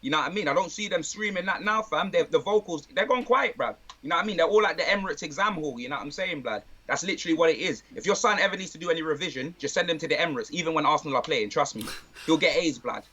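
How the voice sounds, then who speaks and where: A man chatting casually about football, full of street slang and lively banter. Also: on the high side, very fast, few pauses, dull audio. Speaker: guest, football fan. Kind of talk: casual chat.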